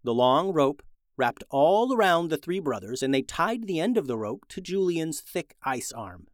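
A man narrating a children's adventure story in a lively, expressive way. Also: fairly high pitch, moderate pace, no room sound, studio quality.

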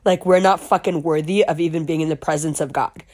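A woman's voice: low voice, fairly even intonation, fairly quick, a little mellow. A young adult woman from Pakistan telling a personal story, candid and emotional, swearing freely and laughing through tears.

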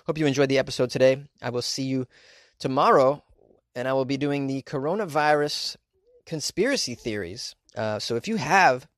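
A male podcast host talks in a loose, rambling way, stopping and restarting his sentences. His voice sits at an ordinary middle pitch. The recording is dry and close, with no room sound. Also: moderate pace, dry recording. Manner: rambling, with many fillers and restarts. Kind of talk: casual monologue.

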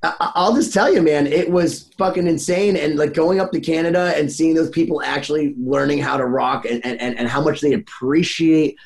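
A high-pitched man chatting on a podcast, telling long rambling stories full of swearing. He gets excitable and loud as he goes. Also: a little fast, gravelly, hardly any pauses. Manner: rambling, profane, excitable storyteller. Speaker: band member, wedding DJ. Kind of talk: casual podcast chat.

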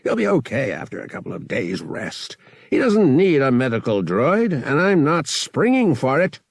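Gruff, cursing male captain, voiced by a male reader, gravelly, dry close sound. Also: mid-range voice, huge pitch swings, normal speed, no room sound, voice pushed up, exaggerated voice.

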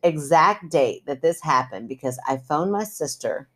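A woman in her thirties from Kentucky co-hosts a chatty podcast. Her voice sits low, and she teases her friend bluntly with a ready laugh. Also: expressive, moderate pace. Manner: teasing, laughs often, blunt with swearing. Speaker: podcast co-host. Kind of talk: casual chat.

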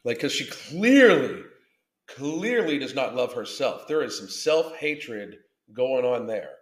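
A man's voice: medium pitch, very animated, takes it slowly. A man hosting a podcast, ranting through a blunt, combative reaction commentary full of swearing. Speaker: podcast host. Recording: roomy echo.

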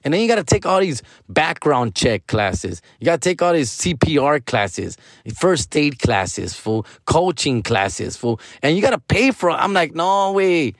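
A man's voice: a little high, very animated, moderate pace, few pauses, no room sound, studio quality. A man, telling stories in a casual, profane way, tossing in "fool", "dog" and Spanish slang. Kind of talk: casual storytelling chat.

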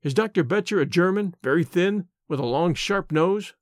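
Male reader plays a shaken young engineer, earnest, lively pitch. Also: moderate pace, dry recording, clean studio sound.

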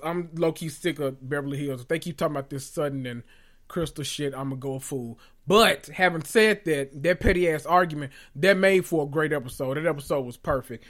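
A man gives a sassy, animated reality TV recap in casual chat. His voice sits slightly high for a man, and he swears freely.

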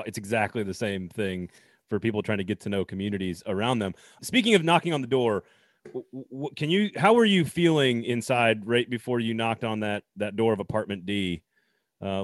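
A man's voice: on the low side, no echo. A man co-hosting a casual interview, asking earnest, probing questions.

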